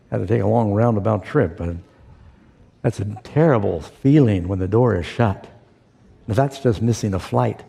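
A man's voice: mid-range voice, creaky, dark tone. A man preaching a sermon to a congregation, telling a story and acting out the quotes, and asking them questions. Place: church sanctuary. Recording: long reverb of a church hall.

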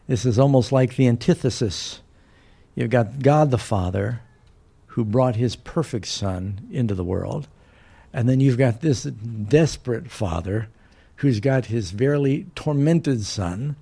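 A man's voice: mid-range voice, creaky, mellow. A man preaching a sermon, retelling a Bible story and briefly voicing its characters. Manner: storytelling, voicing biblical characters with varied emphasis.

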